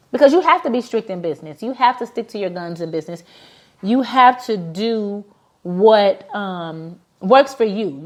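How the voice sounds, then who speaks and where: A woman in her thirties, a business owner hosting a casual motivational talk, telling personal stories in a heartfelt way with many fillers. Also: on the high side. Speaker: business owner and podcast host.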